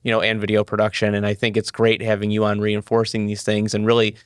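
A podcast host with a low, flat male voice rushes through his thoughts, restarting sentences as he goes. The sound is dry and close, with no room around it. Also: clean tone, no room sound. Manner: rambling, halting restarts. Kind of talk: casual podcast interview.

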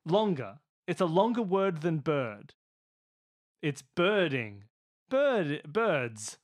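A man playing a tabletop game guesses aloud at charades clues. His pitch swings widely, and he flips between muttering and loud, exasperated commands. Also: sing-song, slow pace. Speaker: player.

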